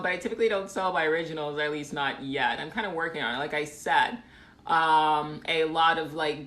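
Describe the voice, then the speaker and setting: A rambling, chatty woman with a low voice, talking casually on a live stream. She drifts between thoughts with lots of ums and reads out viewers' comments as she goes. She is recorded on a phone in a room that rings with echo. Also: a bit bright. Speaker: painter hosting a live stream. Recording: echoey room.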